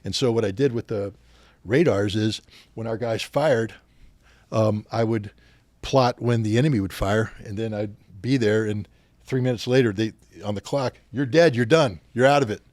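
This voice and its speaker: An older man sits as a podcast guest and tells service stories with lively energy, slipping into the voices of officers he quotes. His voice sits low, and the sound is dry and close with no room around it. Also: moderate pace, dry recording. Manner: animated anecdotes, acting out quoted officers. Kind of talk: storytelling in a podcast interview.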